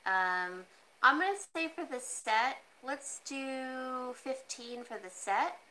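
In a low-quality recording with a little hiss or hum, an online jewelry seller talks slowly and animatedly with a sharp tone. Her home live-stream sale is chatty and wanders off track, full of laughter and high-pitched coaxing aimed at her cat.

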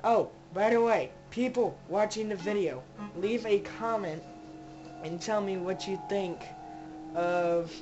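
A woman gives unhurried, casual commentary while playing a game. Her pitch sits mid-range for a woman, and she rambles and jokes as she talks to her characters. Soft game music plays faintly underneath. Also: muffled recording. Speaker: gamer playing a zombie survival game. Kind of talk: casual let's-play commentary.

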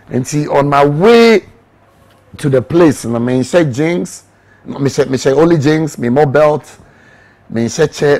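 Gravelly-voiced Ghanaian man telling his testimony. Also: mid-range voice. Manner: mixes English with Twi, animated storytelling. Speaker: interview guest, evangelist. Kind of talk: emotional personal testimony.

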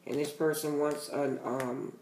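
A man's voice: a little high, flat delivery, unhurried, darkish tone, roomy sound, slight background noise. A man giving a casual tarot reading to his channel's viewers, talking bluntly and emphatically and swearing freely. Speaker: tarot reader.

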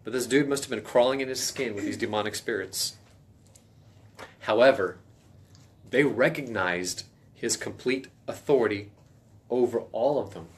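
A man teaching a casual Bible study in a folksy, emphatic way, now and then stressing phrases loudly. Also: mid-range voice, moderate pace, long pauses.

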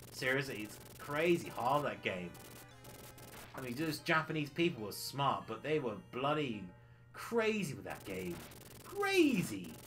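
A man's voice: mid-range voice, pushed and bright. A man streaming a retro game, rambling cheekily and laughing often. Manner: giggly, rambling, cheeky banter with frequent laughs. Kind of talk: casual livestream chat while playing.

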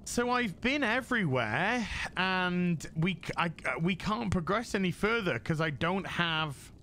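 A man talks his way through a video game in an unhurried, rambling flow, often muttering under his breath and dropping the odd curse. His voice is bright and lively, rising and falling a lot as he goes. He sounds like a host chatting casually over his own gameplay. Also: high-pitched, slight background noise. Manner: mutters to himself, swears casually. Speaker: gaming channel host. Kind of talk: casual let's-play commentary.

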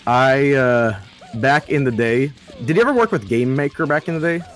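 On a stream, a man with a medium-pitched voice chats casually at a moderate pace, telling funny stories. He's animated, swears, and laughs a lot as he goes.

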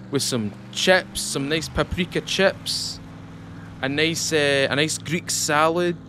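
A man from the UK chatting excitedly to viewers while playing a game. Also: fairly high pitch, a little hiss or hum. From United Kingdom. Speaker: gaming channel host. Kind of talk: casual gameplay commentary.

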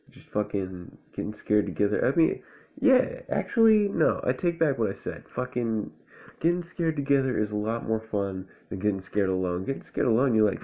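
A man's voice: fairly low pitch, narrow, tinny audio. Laid-back man with crude asides. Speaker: reader of a children's book. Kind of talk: stoned commentary over a storybook reading.

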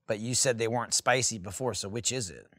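Bright, playfully argumentative male host. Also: on the low side, fast, no echo, studio quality. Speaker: food review podcast host. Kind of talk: casual chat.

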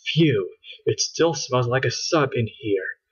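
A man voicing a determined, bossy girl scientist, close to his own husky voice, on a dull lo-fi recording. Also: medium pitch, lively intonation. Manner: brisk, matter-of-fact, near his own voice.

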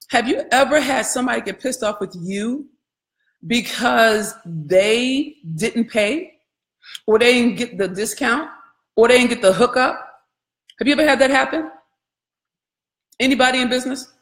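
A woman business coach talks straight to her trainees, candid and animated, cursing freely and calling them y'all. Her voice sits a little high. The sound is roomy and echoey. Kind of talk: live business training talk.

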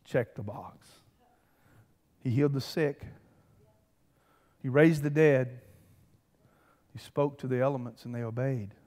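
A man, preaching a lively, conversational sermon with humor and calls to the congregation. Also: mid-range voice, a little slow, pauses often. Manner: animated, conversational preaching with humor and audience call-outs. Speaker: pastor. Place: church sanctuary. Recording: church hall reverb.

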